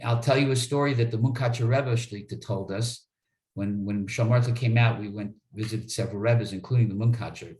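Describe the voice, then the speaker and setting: A man's voice: mid-range voice, a little mellow, roomy sound. A man, an attorney being interviewed, telling stories in an earnest way and often repeating words as he starts a sentence. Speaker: attorney guest. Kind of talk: interview storytelling.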